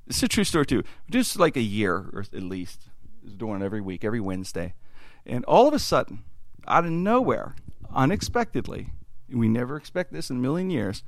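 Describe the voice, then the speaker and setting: A man's voice: medium pitch, fairly quick, hardly any pauses, no room sound. Man, rambling storyteller, dry close sound. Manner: animated, rambling, acts out voices in stories. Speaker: podcast host. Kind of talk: casual storytelling chat.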